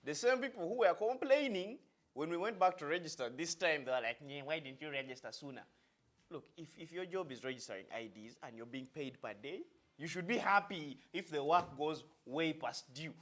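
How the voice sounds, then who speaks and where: A man's voice: a little high, expressive, moderate pace, a bit bright. A man with a Ugandan accent, hosting a satirical news segment with sarcastic, mock-serious delivery. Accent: Ugandan English.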